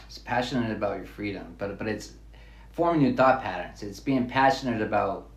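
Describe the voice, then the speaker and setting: A man's voice: lowish voice, lively intonation, a little fast, roomy sound. A man musing through a rambling, repetitive spiritual monologue, looping back over his phrases as he thinks aloud.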